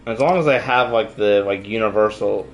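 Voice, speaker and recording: A co-player chatting casually during a game stream, low-key with a dry humor. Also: moderate pace, highs cut off, faint music behind. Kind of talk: casual chat while gaming.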